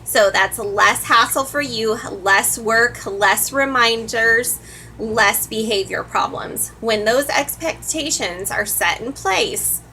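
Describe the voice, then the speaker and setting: A woman's voice: mid-range voice, pushed and bright, a little hiss or hum, low-quality recording. A woman teacher giving earnest classroom advice to other teachers, repeating key points for emphasis. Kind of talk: instructional talk to camera.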